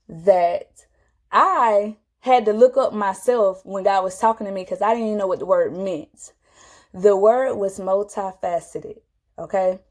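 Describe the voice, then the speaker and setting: A woman telling a personal story to camera, animated and emotional, her voice jumping high when she quotes herself. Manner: animated, jumps high when quoting herself, tearful at moments.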